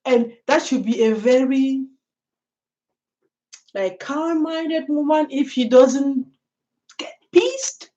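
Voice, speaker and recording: Slow-talking woman vlogger, lo-fi sound. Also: high-pitched, steady tone, mellow. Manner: chatty, laughing, speaks straight to the viewer. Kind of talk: casual storytelling commentary.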